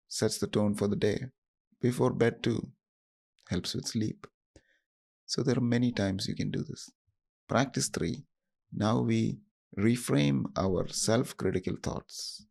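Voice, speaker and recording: A podcast host with a medium-pitched, creaky voice leads listeners through a self-compassion practice. He speaks slowly and gently, in an instructive way, pausing along the way.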